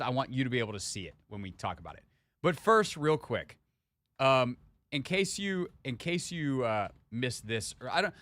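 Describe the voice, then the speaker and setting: A man's voice: medium pitch, a bit bright, no room sound. A man hosting a sports radio show, telling a story in casual chat and building into mock indignation. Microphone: studio microphone.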